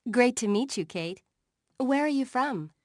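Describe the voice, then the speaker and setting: A woman's voice: fairly high pitch, expressive, unhurried, dry recording, clean studio sound. An actress playing a sociable woman greeting a newcomer in a course dialogue. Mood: welcoming.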